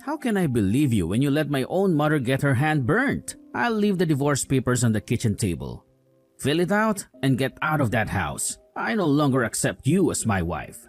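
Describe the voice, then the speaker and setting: A woman's voice: very deep voice, big pitch swings, normal speed, soft background music, heavily acted. A woman voicing a young, hot-tempered husband loyal to his mother, talking in an accusing, scolding way. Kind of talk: dramatized story dialogue.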